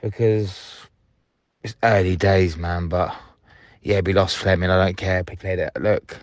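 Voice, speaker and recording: A man's voice: low-pitched, level tone, unhurried, dry recording. A man leaving angry, sweary voicemails about a football match, recorded on a phone from a stadium seat and from his car. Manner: angry, sweary, blunt rant.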